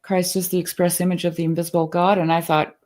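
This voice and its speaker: A woman podcast host who reads a passage aloud and then chats casually, earnest and quick to laugh. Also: lowish voice. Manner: earnest, quick to laugh, lively when excited.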